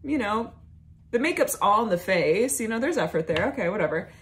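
A woman's voice: mid-range voice, expressive, brisk, fairly bright tone. A woman comedian telling a story in a sassy, campy way, stretching words out for emphasis. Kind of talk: storytelling stand-up. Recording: music playing behind.

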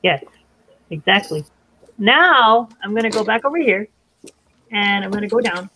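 A woman's voice: mid-range voice, lively intonation, normal speed, pushed and bright, a little hiss or hum. A woman hosting a live stream in a casual, chatty way, steering the group along. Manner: chatty, leads the group with frequent "all right"s. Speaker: stream host. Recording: dull lo-fi stream audio.

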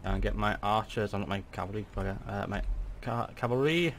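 Young man, lowish voice, let's play commentary, chatty, bursts of excited swearing, desk mic. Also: brisk, slight background noise. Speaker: gaming channel host.

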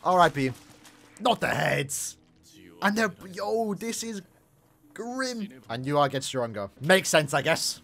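A young man hosting an anime reaction, casual and slangy, breaking into excited exclamations and shouts. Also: high-pitched, moderate pace. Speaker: anime reaction channel host.

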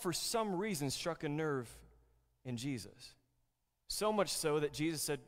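A man's voice: fairly high pitch, expressive, normal speed. Conversational male pastor in an echoing hall. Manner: conversational, frequent fillers and repeated words. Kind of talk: sermon.

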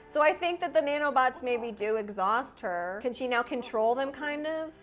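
A woman hosting a casual movie reaction video, talking to herself with quick gasps and frequent laughter. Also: high voice, faint music behind. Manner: excitable, gasps and laughs often, talks to herself.

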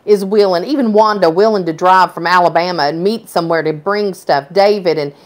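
A woman co-hosting a casual chat, talking eagerly and halting as she searches for words. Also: fairly low pitch.

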